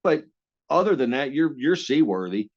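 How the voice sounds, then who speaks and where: A man's voice: mid-range voice, sing-song, normal speed. Guy telling a story, keeps restarting, cusses, mid voice, kinda muffled audio. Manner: rambling, lots of restarts and salty language. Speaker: interview guest. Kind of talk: casual storytelling.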